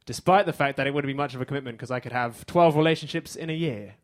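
Dry English stand-up comedian. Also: male voice, medium pitch, fast talker. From England. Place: theater stage.

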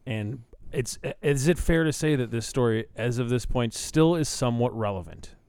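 A man co-hosting a podcast, riffing quickly and animatedly in casual chat. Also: medium pitch, lively intonation, vocal fry, a little mellow, clear, resonant tone, no echo. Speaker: podcast co-host.

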